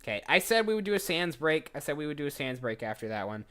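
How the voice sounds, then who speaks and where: A man's voice: a little high, sing-song, quick pace, bright, forceful tone, clear, resonant tone. A man streaming his voice acting work and chatting casually with viewers, self-deprecating. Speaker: voice actor streamer. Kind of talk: casual livestream chat.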